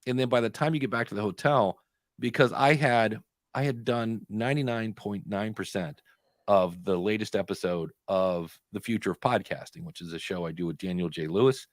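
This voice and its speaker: A man co-hosting a podcast live stream, telling stories in a chatty way and often pausing to hunt for the next word. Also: on the low side, dry recording, clean studio sound. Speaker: podcast co-host. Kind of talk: casual chat on a live stream.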